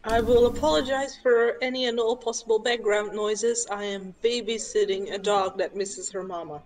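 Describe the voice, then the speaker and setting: A woman playing in an online tabletop game, talking in a relaxed, wry way. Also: medium pitch, moderate pace. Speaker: player. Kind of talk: casual tabletop game chat.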